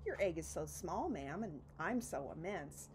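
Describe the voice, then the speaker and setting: A woman voicing a gentle, faithful male elephant who speaks earnestly in a storybook reading. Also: deep voice, unhurried, slight background noise. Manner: earnest, steady.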